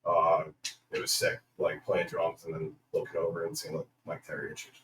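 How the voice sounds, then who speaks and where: A man who plays drums, chatting relaxed and hesitantly in a casual interview. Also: low-pitched, a little fast. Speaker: drummer. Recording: echoey room, distant mic, faint noise.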